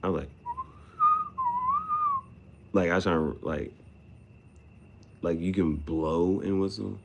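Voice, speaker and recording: A man vlogging in a casual rambling monologue, slangy and swearing, jumping between topics, laughing often, his voice shooting high on sudden outbursts. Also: steady tone, takes it slowly, vocal fry, heavy background noise.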